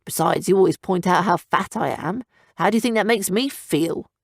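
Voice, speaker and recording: A woman's voice: lowish voice, moderate pace, vocal fry, slightly rough, no echo, studio quality. A woman narrator voicing a lazy, teasing young male griffin who talks in a drowsy, offhand way.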